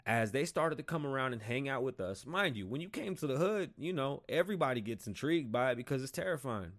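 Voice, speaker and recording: A man in his thirties hosting a casual monologue, telling stories in a profane, animated and rambling way. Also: medium pitch, fast. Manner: rambling, digressive. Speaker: podcast host.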